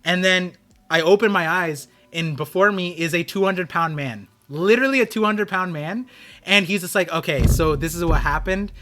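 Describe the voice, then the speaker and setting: Bright-voiced man rambling on a stream. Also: high-pitched, moderate pace. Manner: rambling storytelling with many restarts. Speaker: streamer host. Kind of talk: casual live-stream chat.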